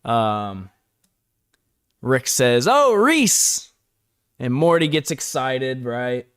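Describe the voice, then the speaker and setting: A man's voice: mid-range voice, slow pace, clean tone, no echo, clean studio sound. A man giving a casual, rambling live-stream recap, full of fillers and chuckling asides.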